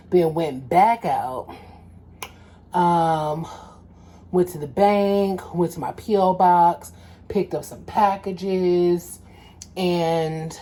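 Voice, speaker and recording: A young adult woman from Los Angeles, vlogging casually and telling stories in a lively, slangy way, acting out quotes. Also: on the low side. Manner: animated, slangy storytelling with acted-out quotes. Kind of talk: casual storytelling vlog.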